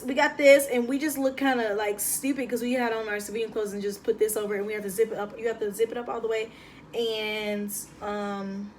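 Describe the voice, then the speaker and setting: A young woman, telling a lively story to her phone camera in a casual vlog. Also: fairly high pitch, a little hiss or hum. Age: young adult. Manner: chatty, animated, slangy. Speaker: vlogger. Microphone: phone propped on a table.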